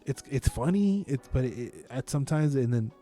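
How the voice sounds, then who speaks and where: A man's voice: medium pitch, fairly quick, faint music behind. A man co-hosting a podcast in casual chat, swearing freely and talking with emphatic energy. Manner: profane, animated and emphatic. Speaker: podcast co-host.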